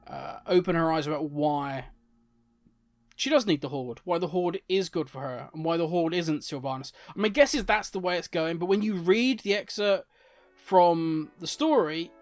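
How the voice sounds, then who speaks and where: A man's voice: fairly high pitch, dry recording. Opinionated man ranting about game lore. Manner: exasperated, opinionated, animated. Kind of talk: casual commentary.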